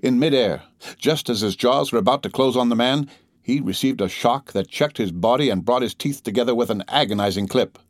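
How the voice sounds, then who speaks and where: A man reading an audiobook in measured, dramatic storytelling. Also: mid-range voice, no echo, studio quality. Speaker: audiobook narrator. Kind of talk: scripted audiobook narration.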